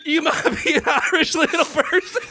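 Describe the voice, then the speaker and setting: A man putting on a Southern accent to deliver rapid-fire punchlines with a laugh. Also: extremely high pitch, steady tone, very noisy, pitched above the performer's own voice. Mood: mock-folksy. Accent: Southern US, put on. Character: man doing a Southern-accent stand-up joke voice.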